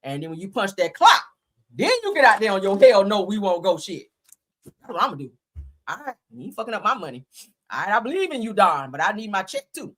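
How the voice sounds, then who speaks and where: A woman's voice: medium pitch, big pitch swings, fast talker, a bit bright. A woman hosting a casual celebrity news show, reading stories aloud and breaking off into sassy, profane, sarcastic asides. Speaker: host.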